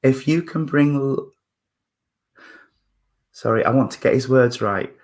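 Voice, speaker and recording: Hesitant, gentle male spiritualist medium. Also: medium pitch, measured pace. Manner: hesitant, full of fillers and restarts, apologetic, chuckling. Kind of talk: mediumship demonstration at a church service.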